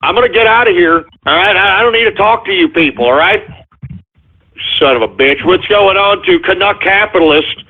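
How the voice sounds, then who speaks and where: A hot-tempered male radio host with a high, husky voice rants and swears as he reads through listener shout-outs. His outbursts break into shouting. The sound is thin and tinny, like a phone line. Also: brisk. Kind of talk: live internet radio talk, reading shout-outs.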